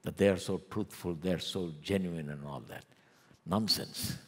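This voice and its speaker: A man with an Indian English accent preaching a sermon as pastor, animated, acting out the taunts of scoffers. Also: low voice, a little slow, breathy edge, long reverb tail.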